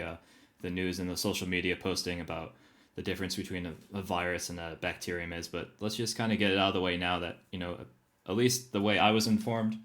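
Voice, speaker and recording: Deep-voiced playful podcast co-host, man. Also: a bit bright. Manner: playful, chatty, full of fillers. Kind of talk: casual podcast chat.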